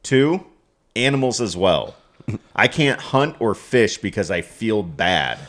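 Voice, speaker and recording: A man co-hosting a casual comedy podcast, with a dry, deadpan delivery. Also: lowish voice, slow pace. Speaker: podcast co-host.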